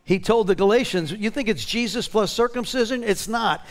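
A man preaching a sermon, animated and emphatic, reading scripture aloud with feeling. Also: high-pitched, moderate pace. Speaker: pastor.

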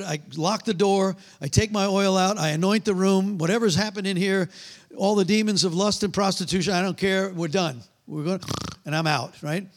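A middle-aged man preaching, telling animated stories and acting out the voices, often trailing off mid-sentence. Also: high-pitched. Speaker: pastor. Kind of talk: sermon with storytelling and prayer.

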